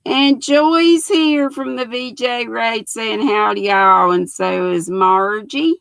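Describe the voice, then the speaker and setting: A woman's voice: fairly high pitch, steady tone, slow, gravelly, fairly bright tone, no echo, low-quality recording. An older woman, hosting a livestream in a folksy, chatty way, reading out comments from her viewers. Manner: folksy, chatty, laughs often. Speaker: livestream host.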